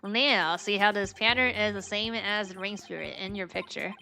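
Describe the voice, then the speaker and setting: Bright-voiced woman streamer reading game lines. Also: medium pitch, moderate pace, vocal fry, soft background music. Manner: casual, swears and laughs between lines. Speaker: streamer playing a story game. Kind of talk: reading game dialogue aloud with casual commentary.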